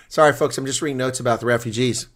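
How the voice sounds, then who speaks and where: A man's voice: mid-range voice, brisk, fairly bright tone. A man chatting casually on a live stream, rambling between viewer comments and rugby talk.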